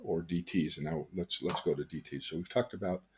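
An older man, a change coach, teaching through lively personal stories and acting out the people in them. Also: sits low, brisk, husky. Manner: animated storyteller who acts out quoted dialogue. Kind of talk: storytelling lesson on a podcast.

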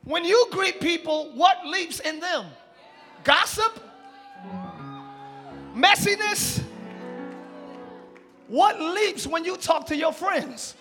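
A man pastor preaching a lively storytelling sermon in church, moving between hushed talk and shouts. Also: very high-pitched, slow, pauses often. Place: church sanctuary, live service. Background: soft band music.

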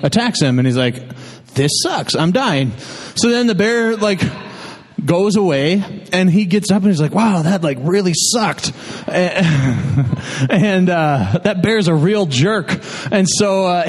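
A man's voice: fairly high pitch, long reverb tail. A man hosting a live storytelling night, cracking jokes and laughing through rambling stage banter.

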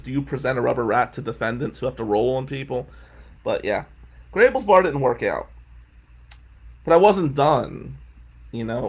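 A man's voice: medium pitch, creaky, breathy edge. A man in his forties, a lawyer, casually telling self-mocking stories and acting out the people in them. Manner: animated, self-mocking, acts out quotes. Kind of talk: casual comic storytelling.

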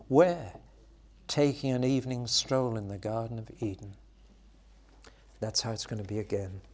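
Expressive male preacher giving a sermon. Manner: expressive, builds to loud, high exclamations then drops to soft.

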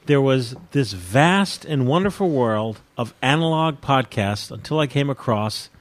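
A man's voice: mid-range voice, expressive, a little slow, no room sound. A man co-hosting a casual podcast, teasing his co-hosts and reading listener mail aloud. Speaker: podcast co-host. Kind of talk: casual chat.

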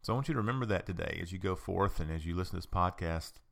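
Low gravelly guy talking through a lesson on his podcast, repeats stuff to drive it home. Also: racing, fairly bright tone. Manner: conversational, repeats points for emphasis. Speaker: podcast host. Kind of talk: reflective teaching talk.

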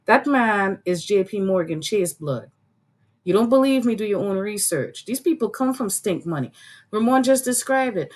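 A woman speaking on a podcast panel in a heated, blunt way, with profanity woven through everything she says. She tells stories with rhetorical questions, and her voice sits at an ordinary middle pitch. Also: lively intonation, moderate pace, darkish tone. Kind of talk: heated political commentary.

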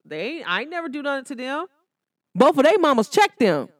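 Animated high-voiced woman. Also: brisk, no echo, clean studio sound. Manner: animated, sassy, jumps into high exclamations. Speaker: podcast host. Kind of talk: casual solo podcast talk.

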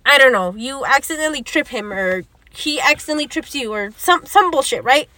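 A woman's voice: high-pitched, expressive, brisk, sharp tone, no room sound. A young woman, telling a story in casual chat, acting out quoted lines and swearing often. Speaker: podcast co-host.

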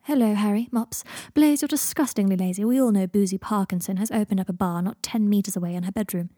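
A woman's voice: medium pitch, quick pace, dark tone, dry recording, close to an everyday voice. Woman reading a wry cutting young witch. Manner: dry and cutting.

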